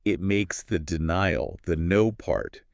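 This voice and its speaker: A man's voice: deep voice, slow, vocal fry, no echo, studio quality. A man co-hosting a scripted English lesson, explaining pronunciation step by step. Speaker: English teacher co-host. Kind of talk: scripted language lesson dialogue.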